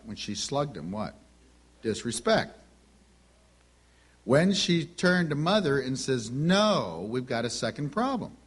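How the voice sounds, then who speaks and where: A man's voice: mid-range voice, slightly rough. A middle-aged man preaching a sermon, telling folksy family anecdotes and acting out the dialogue. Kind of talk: sermon with storytelling.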